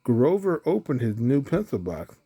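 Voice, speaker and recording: A man reading a children's picture book aloud at a slow, even pace. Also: medium pitch, husky. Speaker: storybook reader.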